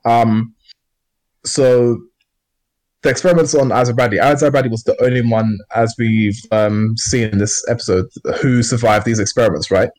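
A man co-hosting a podcast in a loose, rambling chat. His pitch sits in an average range, and he keeps stopping to restart his sentences. His talk is full of ums and uhs. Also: fairly even intonation, normal speed, a little mellow. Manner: rambling, many fillers and restarts. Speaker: podcast co-host. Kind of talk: casual podcast discussion.

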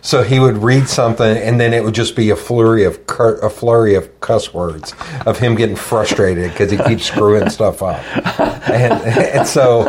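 A man with a fairly low voice chats as a guest on a podcast. He tells stories in a relaxed, easygoing way. He often pauses to search for names as he talks. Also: a little hiss or hum. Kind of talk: casual chat.

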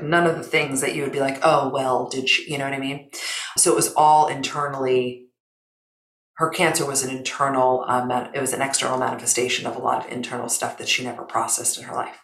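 Woman coach, emphatic and expressive, goes soft and breathy sometimes, echoey room sound. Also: extremely low pitch. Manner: animated, emphatic, drops soft and breathy when reflective. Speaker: guest, mindset coach. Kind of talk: expressive conversational interview. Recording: roomy echo.

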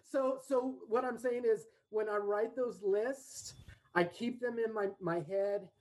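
A man's voice: high voice, fairly even intonation, measured pace, darkish tone, low-quality recording. An American man in his forties, a guest and English teacher, chatting casually in an upbeat, rambling way and laughing often. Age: 40s. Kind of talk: casual interview chat.

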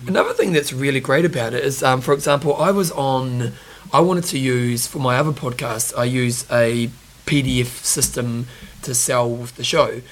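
A man co-hosting a podcast, chatting eagerly and excitably. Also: medium pitch, moderate pace, slight background noise. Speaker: podcast co-host. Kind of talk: casual chat.

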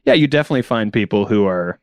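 A man's voice: fairly low pitch, lively intonation, fast, dry recording. Rambling young man, dry close sound. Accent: General American. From South Carolina, US. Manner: rambling, self-interrupting, laughs often. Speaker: stand-up comedian guest. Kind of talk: casual podcast chat.

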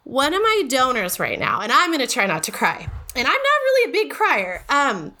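An American woman in her thirties speaks as a podcast guest, her voice sitting a bit high and sounding bright and forward. She talks with earnest feeling, circling back and restarting her thoughts. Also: wildly swooping pitch, normal speed. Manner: emotional, earnest, full of restarts. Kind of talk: casual podcast conversation.

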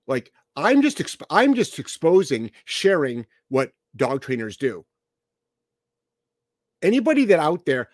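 Brief: male podcast host and dog trainer, blunt and forceful, cursing freely, mid-pitched, dry close sound. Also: no room sound. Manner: blunt, profane, emphatic.

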